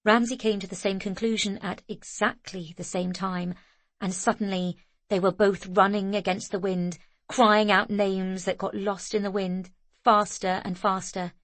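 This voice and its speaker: A woman narrating an audiobook in a steady, measured read, her voice in a middle register. The recording is close and dry, with no room sound. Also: mid-range voice, no echo. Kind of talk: scripted narration.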